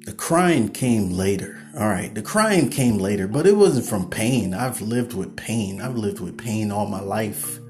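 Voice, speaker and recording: A podcast host ranting late at night, circling back over the same phrases and laughing at himself. His voice swings widely in pitch, jumping high when he's worked up. A faint bit of music sits underneath. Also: unhurried, few pauses. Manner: animated, repetitive, laughs at himself.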